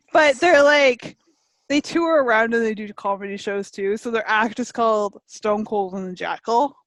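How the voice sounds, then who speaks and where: A woman's voice: mid-range voice, normal speed, hardly any pauses, dry recording. A woman from Canada co-hosting a casual chat podcast, rambling cheerfully with lots of fillers and laughter. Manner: chatty, laughs often, many fillers. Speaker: podcast co-host.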